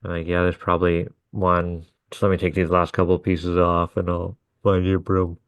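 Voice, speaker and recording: Deep-voiced man telling stories. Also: completely flat delivery, normal speed, smooth, no room sound. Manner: swearing, acts out quotes. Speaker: podcast co-host. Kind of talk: casual storytelling.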